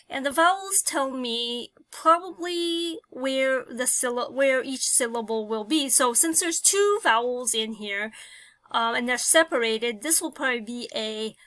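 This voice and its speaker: A woman's voice: on the high side, pushed and bright, no room sound. A woman teaching a phonics lesson, talking patiently and thinking aloud with many fillers.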